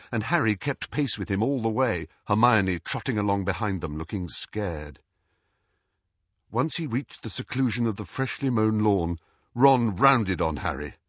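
Audiobook narrator: man, low husky voice, expressive, dull dry recording. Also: a little slow, no room sound. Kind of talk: audiobook reading.

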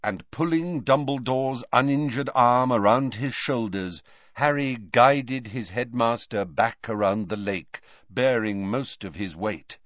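A man's voice: medium pitch, unhurried, a bit bright, no room sound, dull audio. A man reading a fantasy novel aloud as an audiobook narrator, with dramatic, swelling delivery. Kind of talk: scripted narration.

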